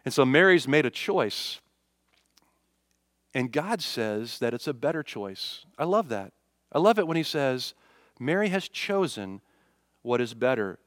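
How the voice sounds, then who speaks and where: A man preaching a sermon, asking rhetorical questions and acting out everyday complaints, animated one moment and hushed the next. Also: mid-range voice, unhurried, long pauses, no room sound, studio quality. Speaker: pastor.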